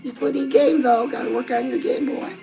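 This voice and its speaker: A high-pitched woman coaching her followers on dating, chatty and sassy, calling them "girls". Clear music plays under her voice throughout. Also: fairly quick, warm tone, rough recording. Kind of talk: direct-address advice talk. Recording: music playing behind the voice.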